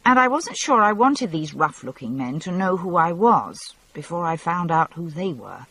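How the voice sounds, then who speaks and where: A woman narrating a novel audiobook in the first person, measured and wry. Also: fairly low pitch, very animated, a bit bright, slightly rough, rough recording.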